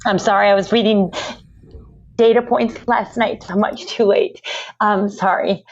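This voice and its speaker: A woman's voice: mid-range voice, steady tone, unhurried. A woman, a nonprofit founder, talking earnestly and passionately in a podcast interview, often repeating herself. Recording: muffled lo-fi audio.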